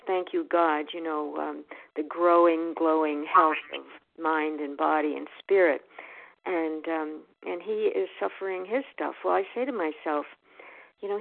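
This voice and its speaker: A woman's voice: low-pitched, vocal fry. A woman sharing at a twelve-step phone meeting, earnest and reflective. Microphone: telephone. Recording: phone line.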